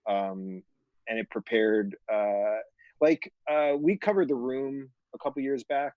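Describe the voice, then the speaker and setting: A man's voice: mid-range voice, steady tone, measured pace, no room sound. Hesitant male co-host, dull dry sound. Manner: hesitant, many fillers. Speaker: podcast co-host. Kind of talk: casual chat.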